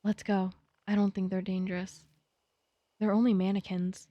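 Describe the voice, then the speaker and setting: A woman's voice: medium pitch, flat delivery, moderate pace, long pauses, dark tone, no echo. A young woman streaming a game live, reading its text aloud and chatting playfully, jittery when spooked.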